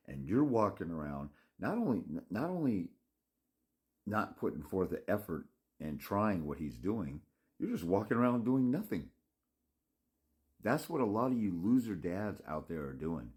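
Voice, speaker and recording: A man's voice: deep voice, darkish tone. A man ranting to his viewers in a blunt, scolding, profane monologue, rambling with restarts and mocking asides. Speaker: father's rights consultant.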